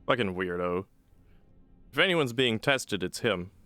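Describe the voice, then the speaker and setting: A man's voice: on the low side, animated, unhurried, pushed and bright, soft background music. A man giving rambling, casual, profane let's play commentary as a gaming channel host.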